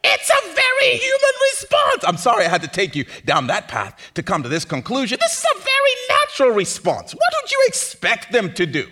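A male pastor preaching a sermon in an animated, playful way, now and then mimicking panicked voices for laughs. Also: extremely high pitch, fairly quick, hardly any pauses.

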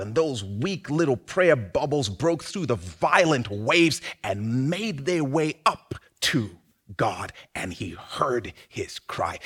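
A man preaching a sermon, swinging from hushed, drawn-out phrases to sudden shouts. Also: medium pitch, slightly rough. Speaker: pastor.

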